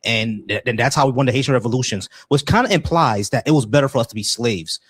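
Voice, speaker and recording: A man's voice: mid-range voice, animated, fast, husky, no room sound. A man hosting a casual call-in debate stream, blunt and argumentative. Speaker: host.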